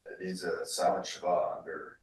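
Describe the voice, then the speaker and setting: A man's voice: low-pitched, little pitch movement, moderate pace. A man answering briefly and matter-of-factly as a student in class. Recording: echoey classroom from a distance.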